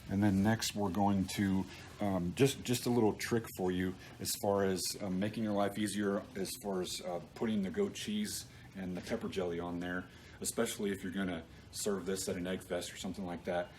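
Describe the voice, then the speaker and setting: A man walking through a recipe in a relaxed, folksy way, with plenty of ums and restarts. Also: low voice, moderate pace, a little hiss or hum, poor audio. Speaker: cook team captain demonstrating a recipe. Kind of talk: casual cooking demonstration. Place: outdoor grill setup.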